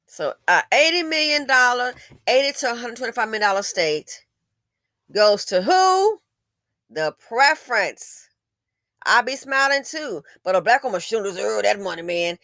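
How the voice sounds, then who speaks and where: A woman in giving blunt, preachy commentary straight to her audience. Her voice is bright and sits a little high, and her pitch swings widely as she pushes her points. The recording is close and dry, and she trips over restarts whenever the heat rises. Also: lively intonation, normal speed, no room sound. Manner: blunt, preachy, frequent restarts and stammers when heated. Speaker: commentary channel host. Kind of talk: impassioned commentary monologue.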